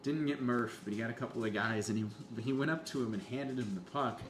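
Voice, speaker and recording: A man's voice: mid-range voice, fast talker. A young man telling a story in casual chat, swearing freely and acting out the people he quotes. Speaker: podcast guest. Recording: echoey room with faint hum.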